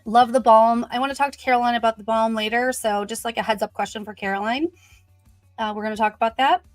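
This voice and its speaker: A woman's voice: a little high, fairly even intonation, fast, no echo, faint music behind. A woman hosting a casual livestream, greeting viewers and chatting upbeat with lots of "you know" fillers. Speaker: host of a brand livestream.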